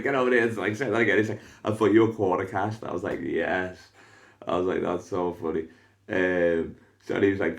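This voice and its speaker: Liverpool comedian-host, young, lowish voice, animated storyteller who swears freely. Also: male voice. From Liverpool, England. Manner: animated, swears a lot, acts out voices in his stories. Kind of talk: casual storytelling chat.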